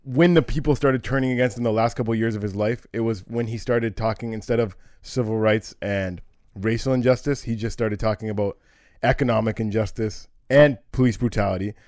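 A man co-hosting a casual podcast chat, walking through history in a relaxed conversational way. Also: lowish voice, brisk, no echo, clean studio sound. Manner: explains history conversationally, with restarts and fillers. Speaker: co-host.

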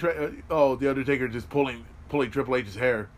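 A man hosting a podcast, giving excited watch-along commentary on a replay, swearing freely and yelling at the big moments. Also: medium pitch, quick pace. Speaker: podcast host. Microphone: podcast mic.

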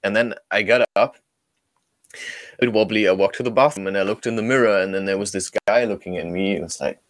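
A man's voice: on the low side, fast talker, dry recording. Male guest, earnest storyteller, meandering phrasing, dry close mic. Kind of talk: casual conversation.

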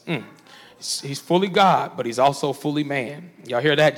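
Pastor guy, high bright voice, reading scripture and hyping up the class, echoey church hall. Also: moderate pace. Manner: call-and-response preaching, coaxing the class along. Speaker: pastor leading Bible study. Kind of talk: Bible study teaching with scripture reading.

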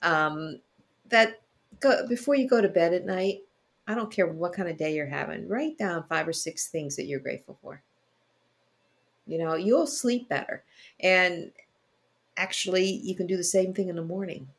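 A woman guest telling lively stories in casual chat, laughing often. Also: fairly low pitch, moderate pace. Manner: animated storyteller, laughs often.

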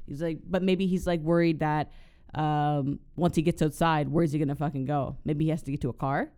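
A man's voice: on the high side, fairly quick, clean tone. A man co-hosting a podcast, talking casually and animatedly, laughing often and swearing. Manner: animated, laughs often, acts out characters' lines. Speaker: podcast co-host. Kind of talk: casual profane chat.

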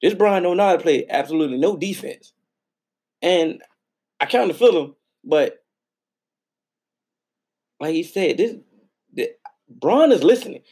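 A man co-hosting a casual sports podcast, animated and slangy, repeating himself for emphasis. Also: high voice, a little slow, long pauses, slightly rough. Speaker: podcast co-host.

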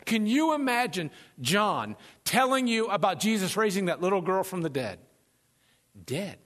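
A man preaching a sermon as pastor, animated and conversational, joking and acting out the voices of people in his stories. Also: high-pitched, fast. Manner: animated, conversational, jokes and acts out quotes.

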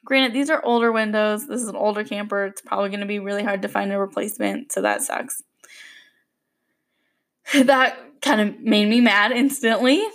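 A woman's voice: mid-range voice, moderate pace, a bit bright. A young adult woman hosting a podcast, telling a story in a chatty, rambling monologue. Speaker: podcast host. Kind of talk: casual monologue.

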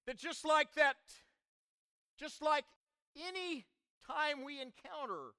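A man preaching a sermon as pastor, swinging dramatically from quiet asides to loud, ringing emphasis. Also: extremely high pitch, takes it slowly, dry recording, studio quality.

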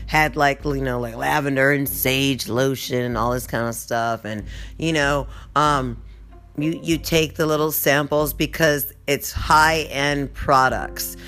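A woman's voice: extremely low pitch, fairly even intonation, unhurried, fairly bright tone, faint music behind. Profane rambling woman vlogger. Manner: rambling, profane, easily sidetracked. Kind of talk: casual rant storytelling.

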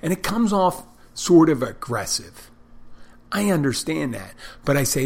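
A man, a bartender who podcasts, talking in a rambling, self-deprecating casual monologue with a loud barking delivery. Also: a little high, sing-song, unhurried, vocal fry.

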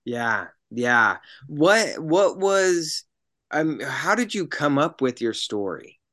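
A man's voice: on the high side, big pitch swings, slow, bright, forceful tone. A man hosting a casual interview over a video call, with friendly praise and questions for the guest. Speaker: host.

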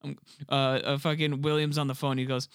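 A young man chatting casually about a movie, animated and joking, swearing freely. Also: medium pitch, clear, resonant tone, no echo, clean studio sound. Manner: animated, swears freely, quick jokey asides.

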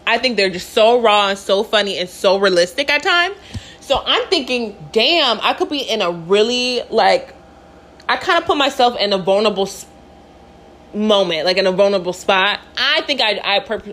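A woman's voice: medium pitch, normal speed. A young woman vlogger telling a story in a casual, dramatic, swear-filled way. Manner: animated, profane, dramatic.

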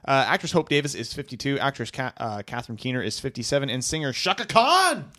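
A man's voice: medium pitch, fast talker, fairly bright tone, dry recording, studio quality. A man hosting a casual podcast, reading out segments with goofy asides, hesitant fillers and laughs at his own jokes. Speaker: podcast host.

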